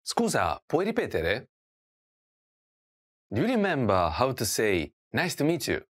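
A woman giving a scripted language lesson, asking slow drill prompts and repeating each word clearly. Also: a bass voice, huge pitch swings. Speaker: language teacher.

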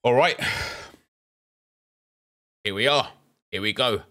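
A young man talks through his own football match as he plays, in loose, casual commentary. His voice has a bright, forceful edge, and he swings between excited cheers and frustrated muttering at his own mistakes. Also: medium pitch, drawn-out words. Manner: excitable, frustrated outbursts, self-talk while playing. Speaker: video game streamer.

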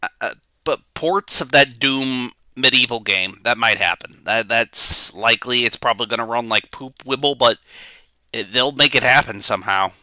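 A man's voice: mid-range voice, moderate pace, bright, forceful tone, no room sound. A male streamer joking around on a live reaction stream, rambling with goofy asides.

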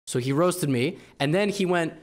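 A young man casually telling a funny story to his viewers, chatty and animated. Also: fairly high pitch, normal speed. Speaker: chess streamer.

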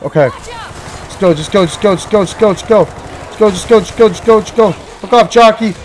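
A man giving casual, excitable gaming commentary, swearing and frantically repeating himself as the action heats up. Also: high voice, normal speed. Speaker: gameplay commentator.

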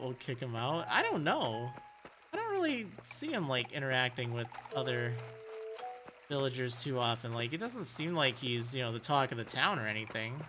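A man streaming a life-sim game in casual commentary, chatting and laughing often as he talks to the characters. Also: medium pitch. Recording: game music playing loud. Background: game music.

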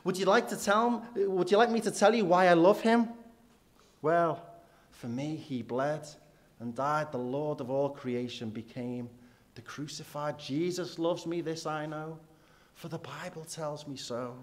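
Man doing a sincere little child, soft, simple words. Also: fairly high pitch, fairly even intonation, unhurried, close to an everyday voice.

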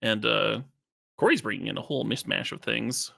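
A man co-commentating a card game, relaxed and quick to laugh, often asking questions. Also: fairly low pitch, gravelly.

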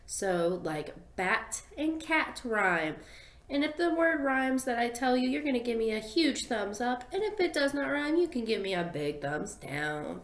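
Young woman teacher, slightly high voice, slow sing-song phonics drills, echoey room. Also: very animated. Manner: slow, sing-song, sounds out letters clearly. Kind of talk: phonics lesson for young children.

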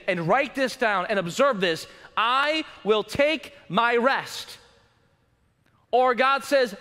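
Male pastor, high bright tenor, preaching in a reverberant church hall, dramatic swings from urgent to hushed. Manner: dynamic preaching, swinging from loud urgency to hushed low emphasis. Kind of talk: sermon. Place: church sanctuary.

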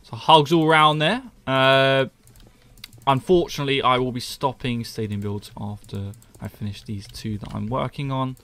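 On a gaming live stream, a British man talks casually with his viewers in a medium-pitched, steady, slightly bright voice at a moderate pace. He jokes around, pokes fun at himself, and reads chat messages out loud.

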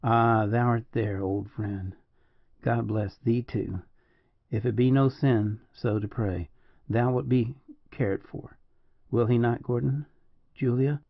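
A man voicing a dying noble soldier who speaks faintly and haltingly. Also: medium pitch, fairly even intonation, creaky. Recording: dull lo-fi dry recording.

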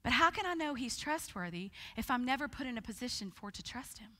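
A woman preaching at a conference, telling her story in a lively way and acting out the voices of the people in it. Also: a little high, a little fast. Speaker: guest speaker. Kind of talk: conference sermon with testimony. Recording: long hall reverb.

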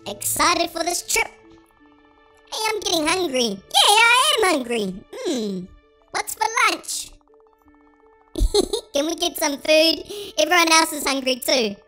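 A gaming channel host giving bubbly, giggly, excited commentary in a high, pitch-shifted chipmunk-style voice. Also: slow, pauses often, soft background music.

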